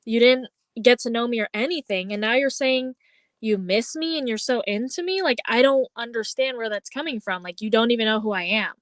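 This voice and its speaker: A woman's voice: a little high, brisk, a bit bright, no echo. A young adult woman on a podcast, recounting a story casually with a lot of "like" and acted-out quotes. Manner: chatty storytelling, heavy use of "like", acts out quoted lines. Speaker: podcast co-host. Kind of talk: casual chat.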